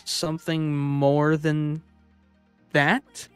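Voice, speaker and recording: A man talking casually on a livestream, his voice sitting a bit high for a man. He rambles and restarts his sentences, sounding exasperated. Faint music plays behind him. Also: level tone, drawn-out words, fairly bright tone, clean tone. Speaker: streamer.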